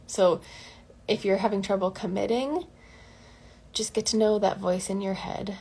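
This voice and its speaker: A woman's voice: medium pitch, fairly even intonation, measured pace, long pauses, darkish tone, a little hiss or hum. A woman vocal coach talking casually and candidly in a livestream lesson, laughing often and acting out the voices in her head.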